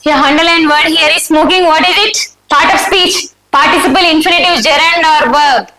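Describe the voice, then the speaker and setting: High-voiced Indian woman teaching, echoey. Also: moderate pace, background noise. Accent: Indian English. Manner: reads options aloud and checks answers with the class. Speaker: exam prep teacher. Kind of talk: live online exam answer review.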